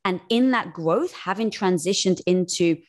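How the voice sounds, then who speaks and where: A woman's voice: fairly low pitch, normal speed. A woman guest on a podcast, giving encouraging advice in a friendly, reassuring way. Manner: warm-hearted encouraging, calls listener girl. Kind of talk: supportive advice conversation.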